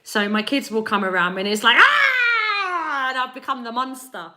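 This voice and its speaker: A woman energy healer giving a live-stream spiritual reading, animated and encouraging, laughing often as she talks straight to her viewers. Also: medium pitch, fast. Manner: speaks directly to chat viewers.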